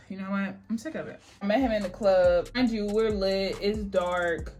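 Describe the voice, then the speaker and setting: A woman's voice: mid-range voice, fairly even intonation, normal speed, few pauses, darkish tone. A young adult woman vlogging while doing her hair at home, telling a story in a chatty, slangy, exasperated way. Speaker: beauty vlogger. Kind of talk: get-ready-with-me storytime.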